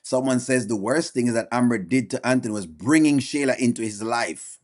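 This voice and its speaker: A man's voice: mid-range voice, brisk. A man hosting a live reaction stream, bluntly addressing viewers by name and repeating his points for emphasis. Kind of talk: casual commentary.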